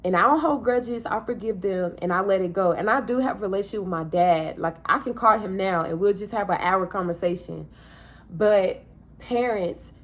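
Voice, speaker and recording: A mother speaking candidly to her viewers about her past, talking directly to them in a casual, plainspoken way. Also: medium pitch. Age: adult parent. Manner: earnest, addresses viewers directly as y'all. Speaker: vlogger sharing a personal testimony. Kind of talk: candid personal storytelling.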